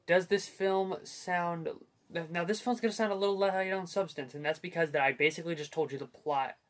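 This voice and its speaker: A young man with a slightly high, somewhat bright voice hosts a casual review of a comic book movie. He jokes and rambles, tossing in self-deprecating asides.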